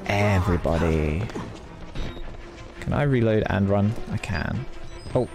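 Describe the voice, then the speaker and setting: A male let's player with a lowish, creaky voice at normal speed comments on a horror game as its music plays. He cracks jokes, yelps and chats with the game's characters.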